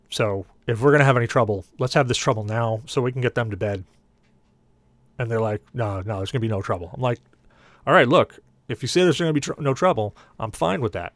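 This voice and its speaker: A man's voice: medium pitch, no echo. A man on a podcast telling a long story in casual talk, acting out the voices of the people in it. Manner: animated, acts out quoted voices. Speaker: podcast co-host.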